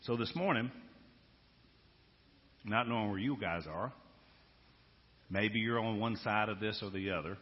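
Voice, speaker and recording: A male pastor preaching a sermon, moving from hushed storytelling to loud, emphatic exhortation. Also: lowish voice, measured pace, pauses often. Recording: dull sound with long hall reverb.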